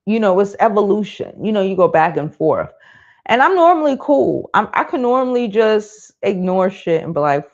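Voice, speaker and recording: A woman's voice: mid-range voice, very animated, moderate pace. A woman in her thirties hosting a live stream, venting bluntly in casual, profane talk. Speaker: livestream host. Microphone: streaming mic. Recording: dull lo-fi stream audio.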